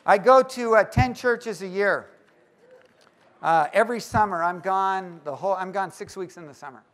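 A man speaking to church leaders at a conference, lively and joking as he teases the audience. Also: high-pitched, normal speed. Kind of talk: live talk to an audience.

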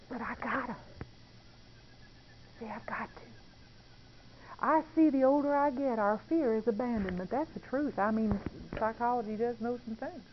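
A woman's voice: a little high, a little hiss or hum. Earnest woman sharing her faith. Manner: earnest, intimate, confiding. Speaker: Christian speaker. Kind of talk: testimony-style talk on prayer. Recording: dull lo-fi recording.

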